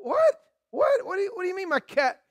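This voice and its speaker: A man with a Southern Georgia accent voicing an upset wife who scolds her husband in a rapid, high, indignant voice. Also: little pitch movement, a bit bright, no echo. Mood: shocked.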